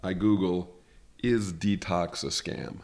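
A man with a fairly low voice co-hosts a casual podcast, spinning a story with rambling asides and dry, wry punchlines. He is from New York and keeps the talk loose and chatty. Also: steady tone, slow pace, a little mellow. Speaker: podcast co-host.

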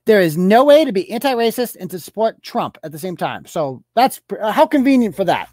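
Hosting a live show, this man speaks in a high-pitched, very animated voice at a brisk pace, slightly mellow in tone. He rants with swearing and sarcasm, fires off mocking rhetorical questions, and reads rules aloud, all captured in clean studio audio without echo.

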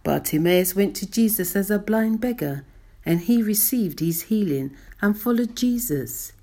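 A woman preaching a devotional sermon to listeners in a measured, emphatic way. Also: mid-range voice, lively intonation, warm tone. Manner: slow, measured, emphatic delivery.

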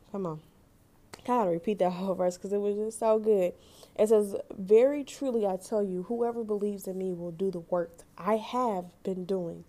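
A woman's voice: medium pitch, dark tone. A young woman hosting a faith podcast. She reads scripture aloud and talks about it in an earnest, emotional way, often stopping to correct herself. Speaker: podcast host. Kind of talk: casual devotional talk.

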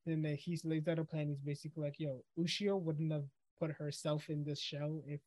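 A man's voice: on the high side, fairly even intonation, a little fast, a little mellow, dry recording. A man co-hosting a podcast, casually recapping an anime episode and acting out the characters' lines as he goes. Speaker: podcast co-host.

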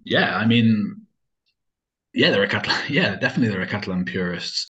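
Rambling man, mid pitch. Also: expressive, fairly quick, a bit bright, dull audio. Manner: rambling, many fillers and restarts. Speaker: guest. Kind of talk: casual interview chat.

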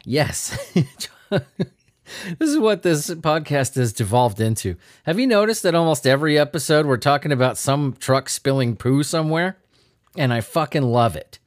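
A man's voice: a little high, animated, moderate pace, no echo, clean studio sound. A man hosting a comedy news podcast, riffing on odd stories in a sarcastic, profane way. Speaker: podcast host.

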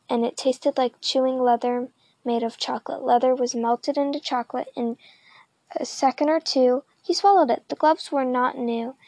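A woman's voice: high voice, a little mellow, no echo. Woman reading a children's book aloud. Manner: plain, unhurried reading with small slips. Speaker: audiobook reader.

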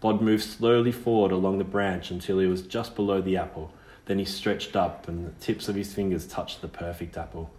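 A man reads a storybook aloud in a measured, expressive manner. His voice sits low. The recording has a roomy, echoey sound. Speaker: audiobook reader. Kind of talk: storybook narration.

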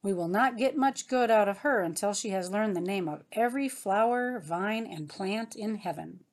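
A woman's voice: medium pitch, lightly acted. A woman reading as a playful, teasing brother. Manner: teasing, warm, brisk. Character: playful affectionate grown man, teasing older brother.

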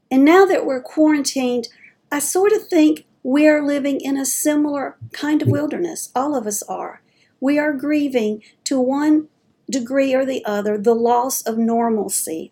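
A middle-aged woman with a slightly high voice and dark tone gives an earnest, faith-based personal talk as a dementia advocate. She tells her story in a homespun way, full of folksy phrasing.

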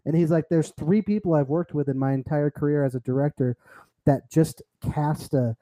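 Dark-voiced young man, teasing podcast host. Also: a little high, moderate pace, no room sound, poor audio. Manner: laughs often, teasing, storytelling. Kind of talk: casual comedic chat.

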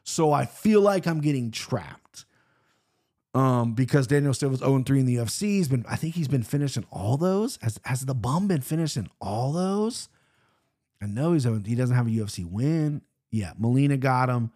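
A man's voice: mid-range voice, lively intonation, moderate pace, warm tone. Blunt, profane man talking fight picks. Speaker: podcast host picking fight bets. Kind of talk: casual betting chat.

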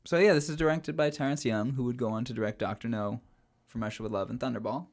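A man's voice: medium pitch, fast talker, a little mellow. A young man co-hosting a casual podcast about old films, chatty and giggly, with plenty of ums and trailing thoughts. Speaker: podcast co-host. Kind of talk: casual film discussion.

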